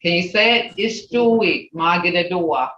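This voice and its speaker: A woman teaching a language class over a video call, slowly repeating sounds for learners to copy. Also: on the low side, a bit bright. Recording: dull roomy video-call audio.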